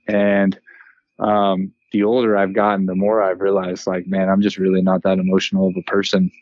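A man in his thirties, a former player and coach, chatting on a podcast in an even-keeled, relaxed way with lots of fillers. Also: deep voice, moderate pace, no echo, muffled recording. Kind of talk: casual podcast chat.

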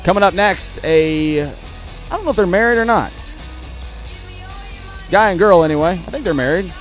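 A male podcast host with a high, expressive voice rants bluntly and in exasperation about politics at normal speed. He's recorded at an outdoor market, with faint music in the background.

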